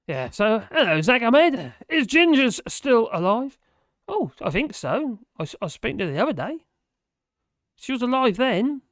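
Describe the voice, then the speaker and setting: Stream host, man, hoarse, self-mocking, hums between thoughts; dry home sound. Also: extremely high pitch, very animated, moderate pace, fairly bright tone, dry recording. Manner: rambling, chatty, self-mocking, hums to himself. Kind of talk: casual live stream chat, reading out comments. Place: at home in France. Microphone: desk microphone.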